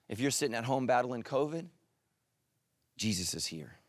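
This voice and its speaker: A middle-aged man, a pastor, preaching a sermon with animated swings from loud emphasis to hushed, intimate lines. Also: mid-range voice, normal speed, dry recording, studio quality.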